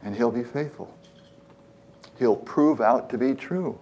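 A man's voice: medium pitch, takes it slowly, warm tone, slight background noise. A man in his seventies preaching a conversational sermon, earnest, repeating phrases for emphasis and acting out prayers. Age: 70s.

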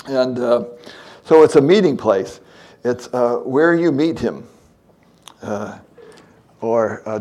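Older male pastor, casual sermon delivery, halting with lots of fillers. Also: fairly low pitch. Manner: relaxed, hesitant, many fillers, talks to young listeners. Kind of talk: conversational sermon.

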